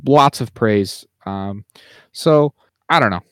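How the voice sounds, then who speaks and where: A man's voice: lowish voice, takes it slowly, fairly bright tone, clean tone, no echo, studio quality. A man co-hosting a podcast in casual chat, rambling with many fillers and restarts. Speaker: podcast co-host.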